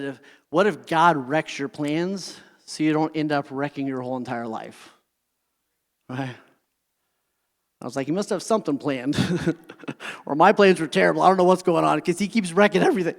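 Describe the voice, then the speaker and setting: A middle-aged man with a fairly high voice delivers a motivational talk, earnest and heartfelt, and keeps checking in with the crowd. His voice carries a long hall reverb, as if caught in a big room. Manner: heartfelt personal storytelling. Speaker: motivational speaker. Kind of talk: motivational talk to a live audience.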